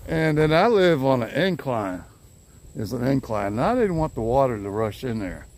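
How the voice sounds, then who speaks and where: An older man chats loosely to his phone while walking around his yard. His voice sits at an ordinary middle pitch, and his talk meanders with easy chuckles. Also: sing-song, normal speed, darkish tone. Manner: rambling, easygoing, chuckles often. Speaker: vlogger. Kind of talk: casual chat to camera. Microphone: handheld phone camera.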